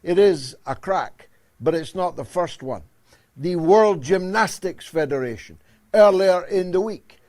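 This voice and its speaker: A man's voice: mid-range voice, darkish tone. An older British man hosting a political talk show, delivering a sardonic monologue with theatrical emphasis.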